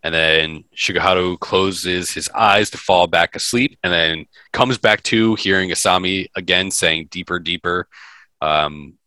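Deep-voiced man recapping a film casually. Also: a little slow, pushed and bright, no room sound, low-quality recording. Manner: loose and profane, sprinkled with ums. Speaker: podcast host.

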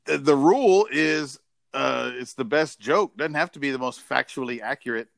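A man's voice: medium pitch, moderate pace, vocal fry, no echo, clean studio sound. A man, a comedian, chatting casually and in an easygoing, encouraging way on a podcast.

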